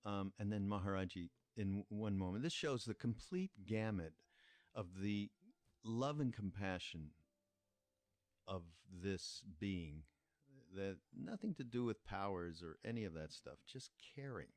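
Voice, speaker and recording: An older man hosting a podcast, telling a story in a reflective, meandering way with pauses and restarts. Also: fairly low pitch, lively intonation, darkish tone, dry recording. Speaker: podcast host. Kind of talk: casual spoken storytelling.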